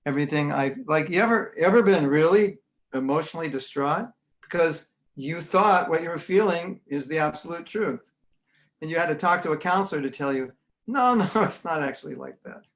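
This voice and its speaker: A brisk American man with a fairly high voice teaches an informal spiritual class over video. His delivery is conversational and spirited, and he dramatizes quoted voices as he goes.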